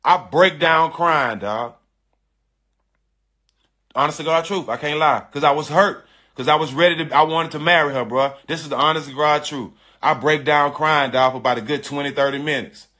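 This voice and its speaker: A man with a fairly high, bright, forceful voice tells a story to his viewers in a loose, slangy way. He talks emphatically and frankly, circling back to repeat his key lines. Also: moderate pace. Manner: animated and emphatic, repeating phrases, addressing listeners as "dog" and "bro"; frank and confessional, with slangy speech. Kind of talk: casual storytelling to an online audience.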